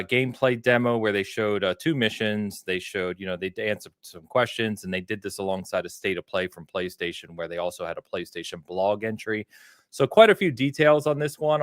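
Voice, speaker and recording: American guy hosting a podcast, lowish voice, dry sound, chatty and rambling. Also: dry recording. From United States. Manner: relaxed, rambling storyteller with filler words. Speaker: podcast host. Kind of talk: casual podcast chat.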